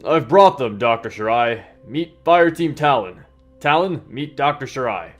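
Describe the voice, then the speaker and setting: Brief: man reading a brusque male drill instructor, blunt and crude, raised a touch in pitch. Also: animated, unhurried, faint music behind, close to an everyday voice. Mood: brisk. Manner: brusque, matter-of-fact briefing.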